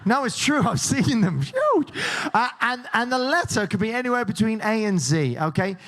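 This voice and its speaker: A man's voice: high voice, big pitch swings, moderate pace, a bit bright. A man hosting a game show, joking and teasing the contestants and laughing often. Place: cruise ship show lounge.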